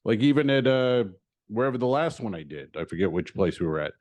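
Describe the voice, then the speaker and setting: A man co-hosting a comedy podcast, retelling a frustrating errand in an animated, swearing, storytelling way and acting out both sides of the exchange. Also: mid-range voice, brisk, dry recording. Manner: swears casually, laughs often. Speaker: podcast co-host.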